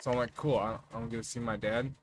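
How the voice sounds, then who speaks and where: A man co-hosting a podcast, laid-back in conversation and quick to laugh along. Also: mid-range voice, fairly even intonation, a little hiss or hum. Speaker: podcast co-host. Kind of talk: casual podcast chat.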